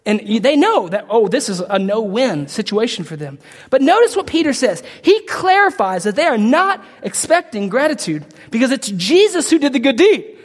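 A man preaching a sermon as pastor, talking casually to his congregation and building to loud, emphatic peaks. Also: very high-pitched, sing-song, normal speed. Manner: conversational asides to the congregation. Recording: long reverb of a large hall.

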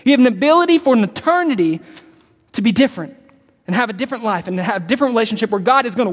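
A man preaching a sermon in a conversational way, breaking into sudden emphatic high-pitched bursts and often calling out to the congregation. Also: animated, rapid-fire. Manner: frequent call-outs to the congregation. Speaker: pastor. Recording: long hall reverb.

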